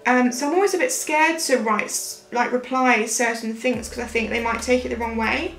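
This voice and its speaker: Talking through a makeup tutorial, a young woman from Britain, a beauty vlogger, wanders off topic and loses track of what she's saying. Her slightly high voice moves at a normal speed, carrying vocal fry and a bit of brightness. The room echoes, and faint music plays underneath.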